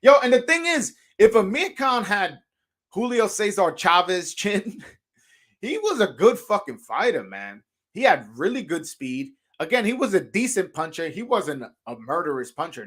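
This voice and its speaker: A man's voice: a little high, fairly bright tone. A man hosting a call-in boxing show, talking casually and animatedly, cursing freely, laughing and restarting often. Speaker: podcast host.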